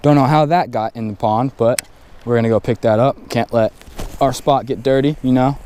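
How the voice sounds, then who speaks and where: Excited man fishing outdoors. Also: mid-range voice, normal speed. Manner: excited, repeats phrases when hooking fish. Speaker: fishing vlogger. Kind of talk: casual outdoor vlog commentary. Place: windy pond bank outdoors. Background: faint wind and outdoor ambience.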